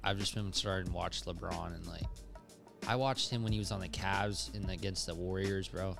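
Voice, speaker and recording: A young man talking loosely about basketball, with a low, gravelly voice that drops into fry. He hesitates and fills gaps with casual slang. Faint music runs under him. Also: fairly even intonation, moderate pace. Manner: hesitant, casual, uses filler like "like" and "bro". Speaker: guest, basketball player. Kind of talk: casual interview answers.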